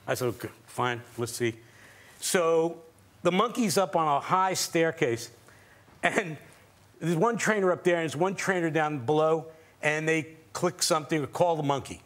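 A man's voice: fairly high pitch, normal speed, a bit bright. A man guest on a talk show, telling a rambling casual anecdote.

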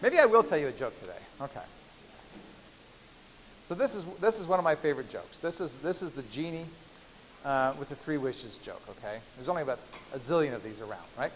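A man's voice: mid-range voice, animated, a little fast. A man lecturing a university biochemistry class in a playful, chatty way, often checking in with the students. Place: large lecture hall. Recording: hissy lecture-hall recording with long reverb.

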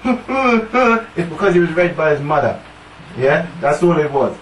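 Emphatic male speaker, higher-pitched, room echo, some faint hiss. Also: sing-song, measured pace. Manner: emphatic, repeats "yeah?" to the listener. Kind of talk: casual discussion. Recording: roomy, distant mic, faint noise.

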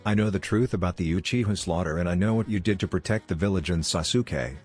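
A man's voice: sits low, fast, slightly rough, soft background music. A man reading as a cocky, teasing boy ninja.

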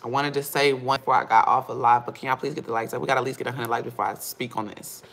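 A woman chatting casually on a livestream with her viewers, impatient and bantering with loud bursts. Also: a bass voice, fairly even intonation, rapid-fire, gravelly. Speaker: vlogger on a livestream.

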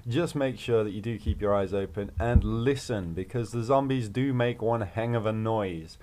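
Chatty, lower-voiced man narrating gameplay. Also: normal speed, dark tone, slight background noise. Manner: upbeat, chatty and jokey, with playful rhymes and laughs. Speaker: video game walkthrough host. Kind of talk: casual gameplay commentary.

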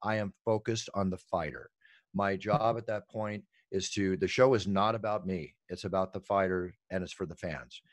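Emphatic middle-aged man, low voice. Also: normal speed, no room sound. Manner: animated, emphatic storytelling. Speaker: ring announcer and guest. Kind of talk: energetic interview talk.

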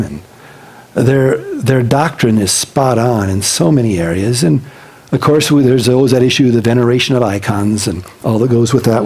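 A pastor giving a casual, chatty sermon, telling personal stories in an animated way and laughing along the way. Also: male voice, medium pitch, slightly rough, rough recording.

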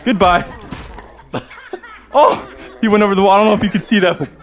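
A man hosting a live-streamed game, excitable and playful with loud exclamations. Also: high-pitched, a little fast. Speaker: gameplay host.

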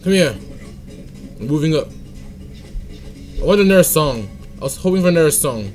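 A young man with a fairly high voice talks through a video game in a loose, playful way, humming silly tunes and grumbling at enemies on screen. Soft game music plays faintly beneath his voice. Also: expressive, moderate pace. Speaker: gaming channel host. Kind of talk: let's play commentary.

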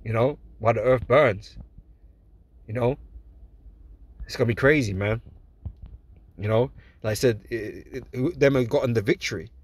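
Male preacher, conversational and rambling, mid-range voice, deliberate when reading scripture, livelier when excited. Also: medium pitch, breathy edge. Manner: loose and conversational, peppered with "man" and "you know"; gets animated and laughs when excited. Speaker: religious teacher. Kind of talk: informal sermon with scripture reading.

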